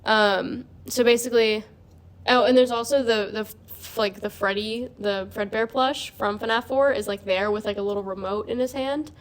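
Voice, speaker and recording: A young woman who hosts a podcast chats casually, explaining in a rambling manner heavy with "like." Her voice is medium-pitched, fairly even in intonation, and moves at a normal speed.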